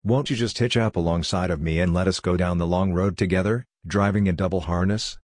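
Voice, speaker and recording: A man's voice: low-pitched, steady tone, a little fast, a little mellow, no echo, studio quality. A man reading the lines of an earnest, good-humored young male suitor who talks in folksy slang. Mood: teasing.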